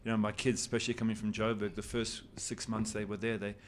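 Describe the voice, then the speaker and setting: A man's voice: fairly low pitch, level tone, fast talker, a little hiss or hum. A middle-aged man from South Africa, a soccer commentator chatting and joking as a guest in a radio studio. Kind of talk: casual chat.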